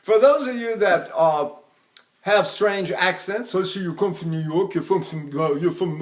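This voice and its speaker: A man's voice: sits high, normal speed. An older man teaching vocal technique in a recorded lecture, talking casually and breaking into sung vowels to demonstrate. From Texas.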